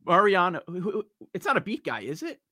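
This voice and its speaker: Brief: easygoing male co-host, fairly high voice, dry close sound. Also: very animated, brisk, bright, forceful tone, no echo. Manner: easygoing, explanatory, laughs often. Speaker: podcast co-host. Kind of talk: casual sports talk.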